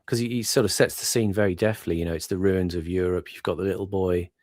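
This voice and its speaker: A man with a very low voice, musing as a guest in a relaxed chat. He wanders through thoughts with plenty of asides and "you know"s. The sound is dry and close on the mic. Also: quick pace, dry recording. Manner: musing, meandering with many asides. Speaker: guest commentator. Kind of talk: casual chat.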